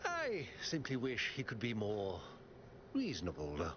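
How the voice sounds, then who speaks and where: A man voicing a calm, diplomatic android mayor in a video game, speaking in measured, lofty phrases. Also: fairly low pitch, over a noisy crowd. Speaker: city mayor. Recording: dull audio with clear noise.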